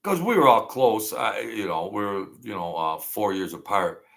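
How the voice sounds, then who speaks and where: A man's voice: on the low side, lively intonation, normal speed, creaky, a bit bright. A middle-aged man hosting a casual late-night livestream from home, rambling and joking with lots of fillers. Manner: rambling, reminiscing, jokey, with many fillers. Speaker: livestream host.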